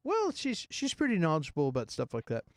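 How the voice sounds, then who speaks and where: A man co-hosting a podcast in casual chat, telling stories in a rambling, animated way with many restarts. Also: on the high side, quick pace, no room sound. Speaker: podcast co-host.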